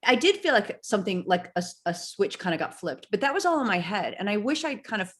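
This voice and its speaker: A woman in her fifties from the United States, a guest author speaking in an earnest, reflective way and quick to laugh. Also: medium pitch, sing-song. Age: 50s. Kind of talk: bookstore author conversation.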